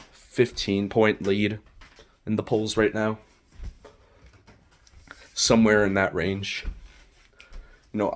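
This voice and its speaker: A man giving a casual, opinionated political monologue. He rambles and corrects himself as he goes. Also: lowish voice. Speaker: political commentator vlogger.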